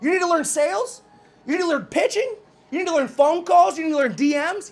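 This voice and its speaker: A man's voice: extremely high pitch, animated, a little fast. A man giving an intense, challenging motivational rant, repeating his questions and swearing casually as a coach.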